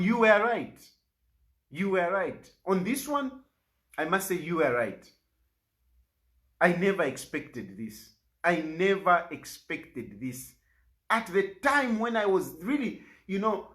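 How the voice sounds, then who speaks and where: A middle-aged man with a Zambian accent, giving an impassioned, pleading public statement. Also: fairly bright tone. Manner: pleading, rises and falls sharply in pitch. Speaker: opposition party leader.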